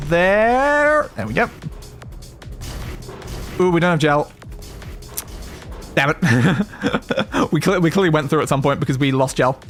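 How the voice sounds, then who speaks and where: Young Aussie male streamer, high voice with big swings, chatty self-coaching play-by-play. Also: fairly bright tone. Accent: Australian. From Australia. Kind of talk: casual gameplay commentary.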